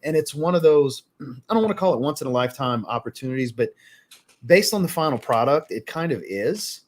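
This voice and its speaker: A man's voice: mid-range voice, brisk. A man talking casually on a livestream about fragrance, a boastful storyteller. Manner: boastful, animated storyteller who acts out quotes. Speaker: fragrance reviewer, guest on a livestream.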